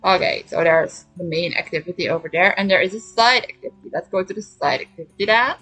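A woman's voice: on the low side, quick pace, a bit bright, slightly rough, rough recording. A woman streaming a farming game, chatting playfully and reading dialogue aloud, often repeating short phrases twice. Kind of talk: casual gameplay chat, reading dialogue aloud. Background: faint game music.

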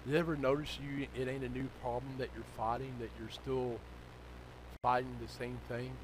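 A male pastor, preaching a sermon that moves from low, conversational storytelling to loud, shouted exhortation. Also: little pitch movement, normal speed, background noise.

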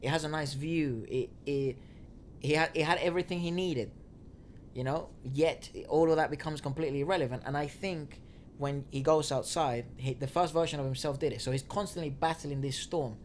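A man's voice: a little high, normal speed. A man co-hosting a casual music reaction chat, explaining his views at length with small restarts. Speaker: co-host. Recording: faint noise, audio trouble said.

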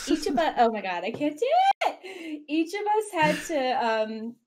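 A woman's voice: sits high, very animated, unhurried. A woman with an American accent, chatting as a guest on a casual podcast, telling a rambling story full of fillers. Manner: chatty, self-conscious storytelling with many fillers. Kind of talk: casual chat.

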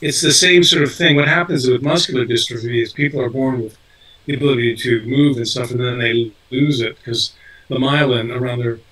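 A man's voice: mid-range voice, fairly even intonation, brisk, fairly bright tone, far from the mic, poor audio. An older man, an actor being interviewed, talking casually with lots of fillers and restarts. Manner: rambling, many fillers and restarts. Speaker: actor guest.

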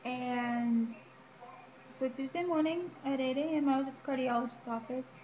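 A young woman vlogger gives a casual personal health update in a high, steady, slightly mellow voice at normal speed. She's chatty, full of ums and likes, and laughs between remarks, recorded in an echoey room with faint ambient noise.

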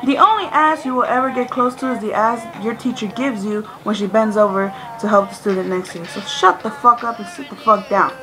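A woman vlogger ranting loudly and profanely, exasperated and swearing as she vents. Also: a little high, a little fast, few pauses, low-quality recording. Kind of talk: ranting vlog. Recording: music playing loudly behind. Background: music.

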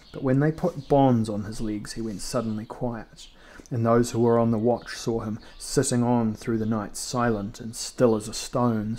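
A man reading a fantasy novel aloud in a measured, even narration. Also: medium pitch. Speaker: reader. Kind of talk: audiobook narration.

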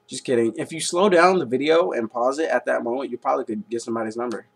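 A man's voice: medium pitch, quick pace, gravelly, slightly rough. A young man rambling and joking in a casual vlog. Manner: goofy, joking, rambling asides. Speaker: vlogger.

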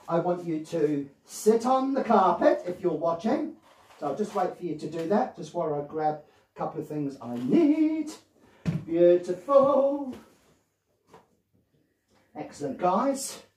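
A man, a children's magician telling a story in a playful, animated way to young children. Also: a little high. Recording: roomy sound from a distant mic.

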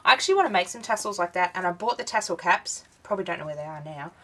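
A woman's voice: fairly low pitch, expressive, racing, pushed and bright. A woman, tired and yawning, chatting through a craft unboxing vlog and exclaiming over each little item. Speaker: craft vlogger.

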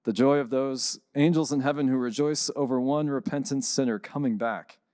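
A man, a priest, giving a conference talk and telling a story, lively and acting out the people he quotes. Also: mid-range voice, moderate pace, no echo, clean studio sound. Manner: animated storyteller, acts out quoted voices.

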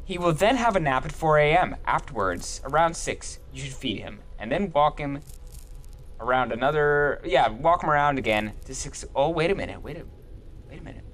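A young man's let's play commentary, goofy and full of jokes and swearing. His slightly high voice bounces up and down, and faint noise runs underneath. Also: animated, normal speed, a bit bright. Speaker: gaming youtuber.

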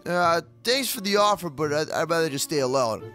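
A man's voice: a little high, expressive, moderate pace, music in the background. A man hosting a Minecraft kids roleplay, talking in a jittery, rambling way. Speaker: roleplay channel host.

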